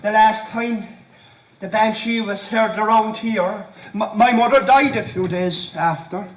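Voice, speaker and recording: An actor playing an odd, brooding young Irish countryman who repeats himself when frightened, on stage. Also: high-pitched. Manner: halting, repeats words, fearful. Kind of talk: amateur stage play. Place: stage in a hall. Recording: echoey hall from far off.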